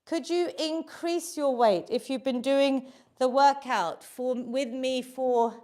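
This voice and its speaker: A middle-aged British woman with a high voice leads a live online exercise class. She cheers her students on and cues each inhale and exhale. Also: slow, darkish tone. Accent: British English. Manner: encouraging, cueing breaths and counts. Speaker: fitness instructor. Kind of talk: live online workout instruction.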